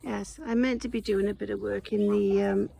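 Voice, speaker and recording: Honking geese fill the background as a smallholder vlogger talks casually to them and to her phone camera while doing outdoor garden work. There's vocal fry in her voice, her intonation stays fairly even and her pace is moderate, under heavy background noise. She's chatty, teasing the geese in a high singsong.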